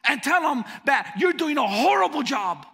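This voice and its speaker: Angry male customer, berating and shouting, bright strained tone as a man puts him on. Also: extremely high pitch, very animated, moderate pace, big-room sound, voice pushed up, heavily acted. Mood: furious. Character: furious East Coast male customer, rude.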